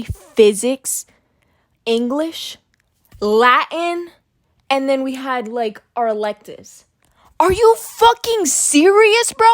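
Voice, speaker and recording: A young woman from Arizona talks straight into a dry, close recording, her voice sitting high as she vents. She swears constantly and hammers points home by repeating them, in a heated solo podcast monologue. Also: dry recording. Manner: heated, profane ranting with emphatic repetition. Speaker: podcast host.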